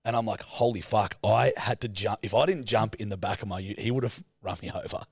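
Gravelly Australian bloke telling a story. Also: male voice, fairly low pitch, fast, dry recording, studio quality. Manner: crude, swearing, animated storyteller. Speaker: podcast co-host. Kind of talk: casual podcast chat, storytelling.

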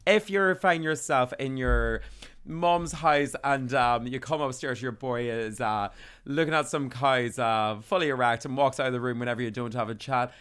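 A man's voice: medium pitch, a bit bright, clean tone. A man co-hosting a podcast, giggling and trading puns in casual chat. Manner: giggly, punning, slow and drawn out. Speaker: podcast co-host.

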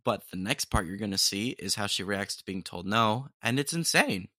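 Female podcast host, playful reactor, bright and dry close sound. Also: rumbling low, animated, moderate pace, dry recording. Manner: playful, reacting with laughs and "dude". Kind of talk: casual commentary on clips.

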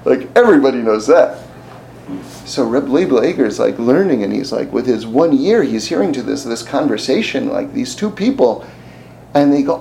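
Animated storytelling male preacher. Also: medium pitch, moderate pace, slight background noise, poor audio. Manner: animated, acts out voices in the stories, laughs often. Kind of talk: sermon with storytelling.

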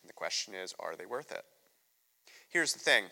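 Bright-voiced emotional American preacher. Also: male voice, lowish voice, very animated, normal speed. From United States. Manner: candid, emotional storytelling. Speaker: missionary guest preacher. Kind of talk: sermon. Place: church sanctuary. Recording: long reverb of a church hall.

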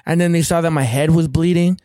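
Man from Canada, high-pitched, dry close sound, swearing a lot, animated storyteller. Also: fairly quick, no echo. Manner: profane, animated, acts out other people's voices. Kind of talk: casual storytelling.

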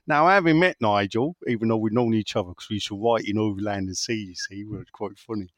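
A man's voice: fairly low pitch, fast, dry recording. A man hosting a casual podcast, reading listener messages in a rambling, jokey way. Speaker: podcast host.

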